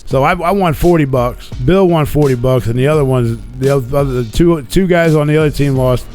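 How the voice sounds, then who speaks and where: A man's voice: medium pitch, a little fast, darkish tone. Man, radio host, casual storytelling, profane, rambling, faint music behind. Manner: profane, rambling, laid-back.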